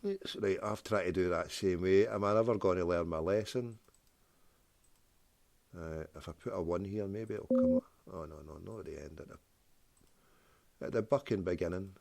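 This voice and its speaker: A man's voice: low-pitched, moderate pace, gravelly, pauses often, a little mellow, no echo. A man hosting a prank call show, rambling off on tangents with jokey wordplay. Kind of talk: rambling solo talk with prank calls.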